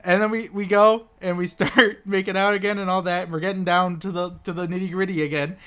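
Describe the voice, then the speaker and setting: A man's voice: high-pitched, flat delivery, a little fast, sharp tone, clear, resonant tone. A young man casually telling a story to friends on a podcast, rambling, stammering and restarting, acting out what people said. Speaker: podcast co-host.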